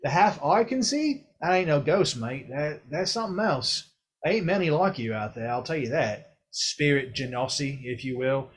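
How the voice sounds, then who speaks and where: A man's voice: fairly high pitch, lively intonation, normal speed, slightly rough. A man doing a sly, blunt clawed spirit. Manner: drawling, casual slang.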